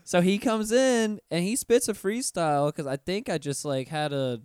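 A man's voice: high voice, normal speed, a little mellow, clean tone, dry recording, studio quality. A man hosting a podcast in casual, slangy chat, laid-back and profane as he hypes up artists. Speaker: podcast host.

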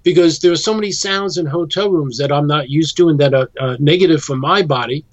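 A man with a fairly high voice explains his ideas calmly as an interview guest. His audio is dry and slightly muffled. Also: brisk, no room sound. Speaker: musician guest. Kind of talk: interview conversation.

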